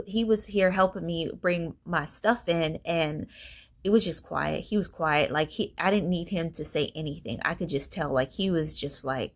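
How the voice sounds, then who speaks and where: Young adult woman, lowish voice, candid vlogger, profane and rambling, casual storytelling. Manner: candid, swears freely, many fillers.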